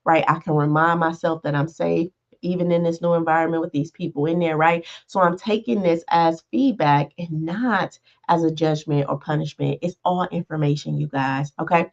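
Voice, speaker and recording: A woman's voice: low voice, fairly even intonation, normal speed, vocal fry, muffled recording. A woman hosting a podcast as a life coach, talking in a casual motivational monologue, often checking in with "right?" and "all right". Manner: conversational, frequent "right?" and "all right" check-ins.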